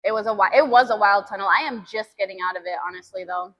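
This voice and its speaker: A woman's voice: medium pitch, fast, fairly bright tone, low-quality recording. A young woman streaming a gym workout, chatting casually and breathlessly between sets, restarting her sentences. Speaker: fitness streamer.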